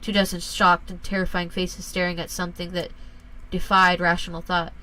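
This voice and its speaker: A woman reading a first-person horror story aloud in a calm, measured way. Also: fairly low pitch, low-quality recording.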